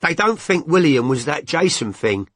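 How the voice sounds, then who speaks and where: A brash, foul-mouthed young mum with blunt slang, as a male narrator puts her on. Her voice sits well above his own and swings lively from line to line, dry and close. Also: low voice, normal speed, dry recording, voice pushed up. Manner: blunt, coarse, working-class slang.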